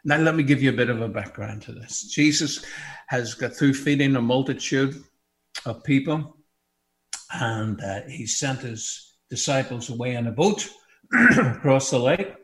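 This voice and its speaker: Preacher, man, radio sermon; slow, fervent, lifts from a hush to a shout. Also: mid-range voice. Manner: fervent, swings from hushed to shouting.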